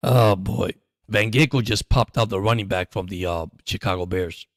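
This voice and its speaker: A man's voice: lowish voice, dry recording, studio quality. A man hosting a live sports stream, chatting casually and calling the plays as he watches. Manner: chatty, rambling, quick to laugh.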